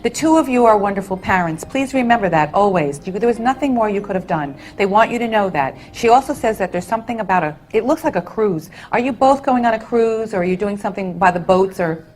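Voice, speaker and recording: A woman's voice: mid-range voice, lively intonation, quick pace, hardly any pauses, darkish tone, rough recording. A woman working as a psychic medium, giving a stage reading to audience members in a soothing manner and calling them honey and sweetheart.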